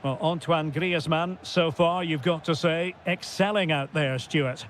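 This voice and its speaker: Male play-by-play caller for a football game: high, bright voice, clipped calls that rise when chances come. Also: unhurried, slight background noise. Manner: terse calls that swell into excited shouts on goals. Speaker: play-by-play commentator. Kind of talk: football video game commentary.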